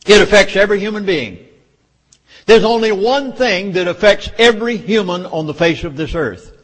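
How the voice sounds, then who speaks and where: A man's voice: sits high, moderate pace. Urgent Southern man in a reverberant hall. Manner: urgent, emphatic, lecturing. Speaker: public speaker. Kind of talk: speech at a public meeting. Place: meeting hall with audience.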